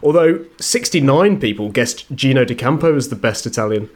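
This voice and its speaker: A man's voice: medium pitch, lively intonation, brisk, darkish tone. A man co-hosting a podcast over a video call, easygoing as he reads out listener comments. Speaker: podcast co-host reading listener messages. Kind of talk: casual chat.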